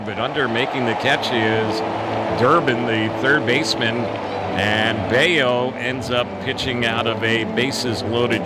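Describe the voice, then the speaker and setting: A man calling a baseball game as the play-by-play announcer, steady and informative, reading the count and the sponsor spots. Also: medium pitch, heavy background noise. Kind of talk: radio baseball commentary.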